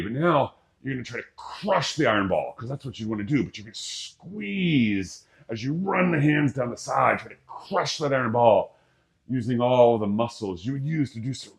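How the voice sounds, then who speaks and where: A man's voice: mid-range voice, expressive, normal speed, vocal fry. A middle-aged man teaching qigong moves, giving casual, jokey step-by-step breathing cues. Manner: casual, jokey, talks through each breath. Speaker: qigong instructor. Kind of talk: guided exercise instruction.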